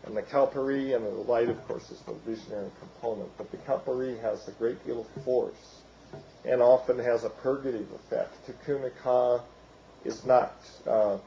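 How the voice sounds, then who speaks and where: Male lecturer, gravelly and mellow, voice giving out, halting delivery, dull lo-fi recording. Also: medium pitch, a little hiss or hum. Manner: halting, with many fillers and restarts. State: losing his voice. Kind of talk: academic lecture with slides.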